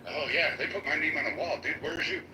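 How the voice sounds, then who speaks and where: A man's voice: on the high side, a little fast, recorded from a distance. An older man in a heated online debate, combative and crude, cutting in over the other speaker. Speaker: debate opponent. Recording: echoey with background noise.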